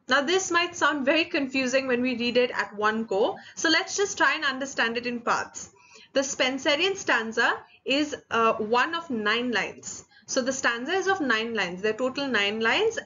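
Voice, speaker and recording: A woman's voice: high voice, pushed and bright, highs cut off, slight background noise. A woman teaching a literature lesson, explaining patiently, repeating points and breaking them into parts, with many fillers. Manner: reads verse aloud slowly, syllable by syllable. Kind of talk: explanatory online lecture.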